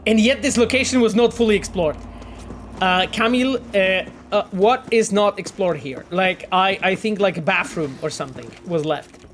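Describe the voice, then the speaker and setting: A man streams a game he helped develop, chatting casually with viewers and thinking out loud with plenty of fillers and swearing. His voice is high and a bit bright, at a moderate pace, with a slight hiss or hum in the background.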